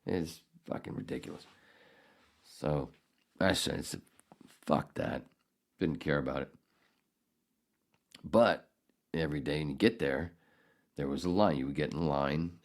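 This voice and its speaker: A middle-aged man hosting a podcast, telling a story in a casual, profane, animated way with bursts of outrage. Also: extremely low pitch, moderate pace, long pauses. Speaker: podcast host.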